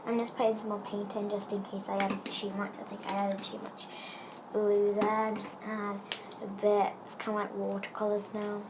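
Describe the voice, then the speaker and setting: Over a noisy background, a craft tutorial presenter explains her project in a medium-pitched, monotone voice at normal speed. She goes step by step in a rambling, hesitant way, often restarting and using plenty of fillers.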